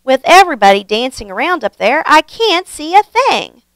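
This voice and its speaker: A woman's voice: high-pitched, very animated, moderate pace, fairly bright tone, no room sound, pitched above the performer's own voice. A woman doing a grumpy, fussy old grandpa. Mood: flustered shouting. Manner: huffy, exclaiming.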